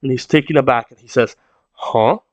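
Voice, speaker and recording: A man's voice: fairly high pitch, measured pace, dry recording, muffled recording. A man reading a comic aloud and reacting, rambling and thinking aloud as he goes. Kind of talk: casual read-along reaction.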